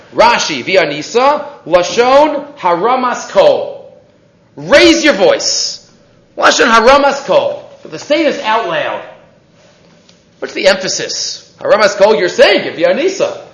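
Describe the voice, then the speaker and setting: High-voiced man teaching in an echoey room. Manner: lively, questioning, mixes Hebrew and Yiddish terms. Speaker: Torah teacher. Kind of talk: weekly Torah portion class. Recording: echoey, dull lo-fi room recording.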